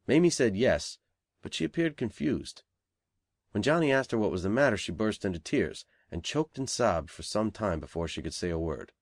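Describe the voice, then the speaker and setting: A man's voice: sits low, a little mellow. A man narrating an audiobook, reading the dialogue of the characters in a lightly varied voice.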